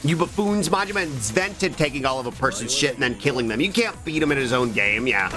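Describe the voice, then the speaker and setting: A man's voice: mid-range voice, animated, fairly quick, few pauses. A man streaming a video game, joking around crudely and swearing as he plays. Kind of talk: casual gameplay commentary. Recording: game music behind the voice. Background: game music.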